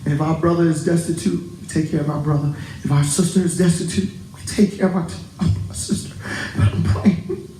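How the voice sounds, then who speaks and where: A male pastor preaching a sermon to his congregation, animated and laughing often as he talks. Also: fairly high pitch, brisk, roomy sound, rough recording. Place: church sanctuary.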